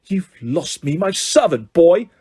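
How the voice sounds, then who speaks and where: A man's voice: on the high side, sing-song, measured pace, warm tone, husky, full character voice. A man voicing a cold, haughty aristocratic wizard who snarls in anger. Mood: furious.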